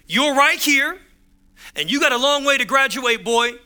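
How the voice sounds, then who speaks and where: This pastor's voice is extremely high-pitched, bright and forceful, with lively intonation at a moderate pace. In his sermon he hammers points with punchy repetition and performs the voices of characters in his stories.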